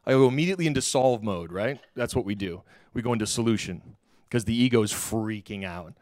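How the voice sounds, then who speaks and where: A middle-aged man giving a keynote talk on stage, telling a story in a lively, casual way and acting out the dialogue with slang. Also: on the low side, fairly quick, no echo, studio quality. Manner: animated, acts out quoted dialogue, casual slang. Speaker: keynote speaker. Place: lecture hall stage.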